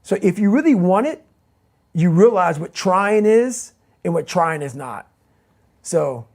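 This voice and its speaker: A man's voice: sits high, very animated, unhurried, a little mellow. A man giving a motivational interview as the guest, speaking intensely and emphatically and repeating his key phrases.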